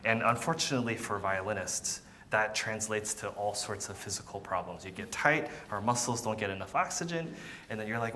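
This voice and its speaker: A man's voice: lowish voice, a little fast, pushed and bright, slight background noise. A man teaching a violin masterclass, encouraging and patient, often repeating words and counting beats aloud. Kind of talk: masterclass coaching.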